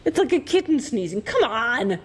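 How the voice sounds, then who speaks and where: Chatting away while she plays on stream, this woman laughs a lot, jokes around, and swears without holding back. Her voice sits fairly high and sing-song at a moderate pace, with slight hiss or hum on the recording.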